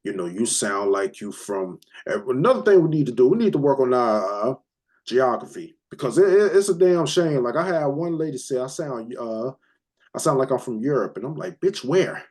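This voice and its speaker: A man's voice: mid-range voice, sing-song, normal speed, a little mellow. An American man, a hip hop producer, chatting casually as a guest, laid-back, swearing freely and stumbling over restarts. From United States. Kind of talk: casual interview chat. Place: lives abroad, remote call.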